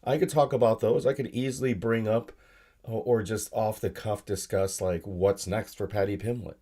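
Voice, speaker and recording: A man's voice: lowish voice, fairly even intonation, normal speed, warm tone. Tired man rambling on a solo stream. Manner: rambling, filler-heavy, self-talk while using the computer. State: tired, sore voice from yelling at work. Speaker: podcast host. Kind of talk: solo live-stream chat. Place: home desk with laptop and monitor.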